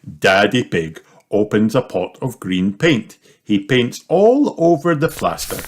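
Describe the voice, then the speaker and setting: Slow, lively male storybook reader. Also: fairly low pitch. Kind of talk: reading a children's book aloud. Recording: noisy home recording with clicks.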